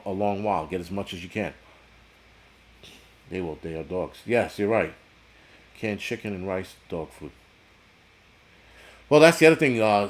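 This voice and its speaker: A man with a lowish voice rants on a casual livestream, blunt and rambling. He swears constantly and answers viewer chat as he goes. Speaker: livestream host reading chat. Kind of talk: casual profane livestream rant.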